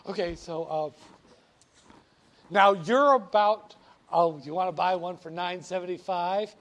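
A man's voice: high voice, takes it slowly, pauses often. A man teaching finance to a classroom, teasing students and quizzing them with jokes between the math. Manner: joking, teasing students, animated. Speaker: finance lecturer. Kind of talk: classroom lecture.

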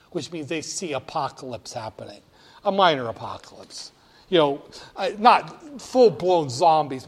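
A man with a slightly higher-than-average voice, teaching a room of students. He is lively and emphatic, dropping to quiet asides and then rising to loud, punchy points. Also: husky. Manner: animated, emphatic, swings between quiet and loud. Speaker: instructor. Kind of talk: classroom lecture.

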